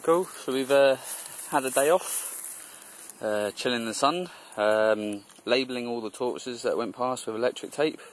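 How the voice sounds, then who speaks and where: A man's voice: medium pitch, unhurried, a little hiss or hum, low-quality recording. A young man chatting casually to a camera outdoors while on a cycling trip, rambling and laughing as he goes. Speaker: cycle tourer. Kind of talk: casual travel vlog. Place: outdoors on a mountain road.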